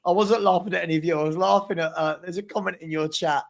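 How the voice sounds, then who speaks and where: A man's voice: high-pitched, steady tone, fast, vocal fry. A man speaking as a guest on a livestream, emphatic and repeating his key phrases. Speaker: guest streamer. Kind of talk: casual livestream chat.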